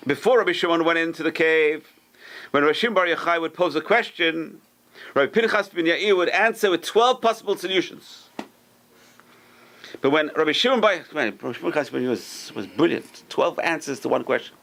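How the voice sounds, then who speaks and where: Before a live group, a rabbi teaching Torah speaks at normal speed with vocal fry, narrating animatedly and dramatizing quoted lines with sharp rises in pitch. He engages the room by asking the audience questions.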